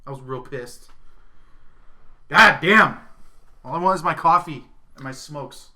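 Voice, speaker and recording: Bright-voiced man telling a profane story. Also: on the high side, measured pace. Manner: profane storyteller, laughs often. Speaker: podcast co-host. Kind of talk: casual chat.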